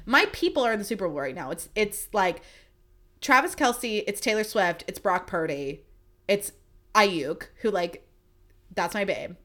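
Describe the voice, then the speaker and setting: Young woman podcaster rambling on her own, gushy and sweary, kinda teary, mid pitch. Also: pushed and bright. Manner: gushing, sweary, rambling with many fillers. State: emotional, close to tears. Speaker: podcast host. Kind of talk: solo podcast chat.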